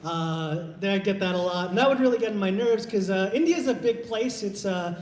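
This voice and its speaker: A man from Iowa doing a stand-up set, low-key and halting with lots of fillers, into a stage mic at a live show. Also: expressive, darkish tone. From Iowa, USA. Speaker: stand-up comedian. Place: live comedy show in a hall. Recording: roomy hall reverb.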